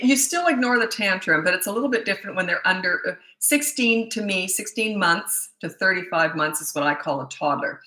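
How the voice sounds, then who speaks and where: A woman's voice: on the low side, pushed and bright, reverberant, low-quality recording. A middle-aged woman parenting coach answering viewer questions in a blunt, emphatic way, often restarting her sentences.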